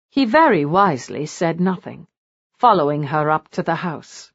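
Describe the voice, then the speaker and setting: A woman narrating a historical romance audiobook in an expressive, animated reading style. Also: low voice, moderate pace, vocal fry, husky, no room sound, highs cut off.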